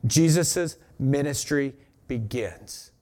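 A man preaching a sermon. He talks in a relaxed, chatty way and rises into emphatic reading of scripture. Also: medium pitch, takes it slowly. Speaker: pastor.

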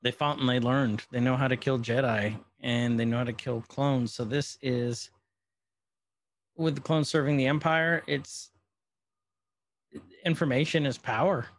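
A man's voice: mid-range voice, fairly even intonation, measured pace, long pauses, dry recording. A man co-hosting a podcast, casually recapping an episode and joking around. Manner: joking, playful retelling with quoted voices. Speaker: podcast co-host.

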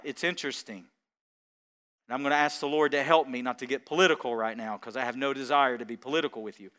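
A man's voice: mid-range voice, fairly bright tone, clear, resonant tone. A man preaching a sermon as pastor, building to emphatic repeated phrases and chuckling between points.

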